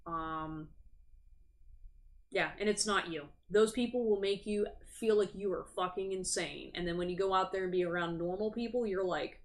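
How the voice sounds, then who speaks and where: A woman's voice: on the low side, normal speed. Chatty, foul-mouthed woman tarot streamer. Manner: chatty, frank, swears freely; sympathetic and sassy. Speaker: tarot reader and livestream host. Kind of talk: casual livestream chat. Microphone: streaming setup.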